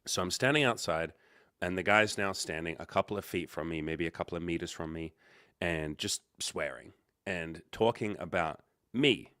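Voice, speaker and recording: Low-voiced man telling a rambling story. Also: normal speed, bright, forceful tone, clean tone, dry recording, clean studio sound. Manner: rambling, self-correcting, with quoted dialogue. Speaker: livestream host and coach. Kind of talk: casual storytelling.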